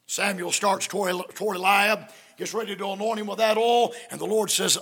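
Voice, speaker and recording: High-voiced, gravelly male preacher, dramatic storytelling, long hall echo. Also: brisk. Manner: dramatic storytelling, swinging from hushed to shouting. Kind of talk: sermon.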